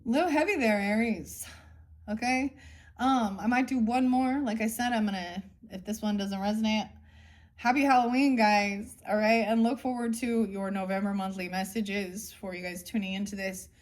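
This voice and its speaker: A woman's voice: mid-range voice, fairly even intonation, normal speed. A woman giving a casual tarot reading to her viewers, blunt and mocking, with frequent swearing. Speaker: tarot reader.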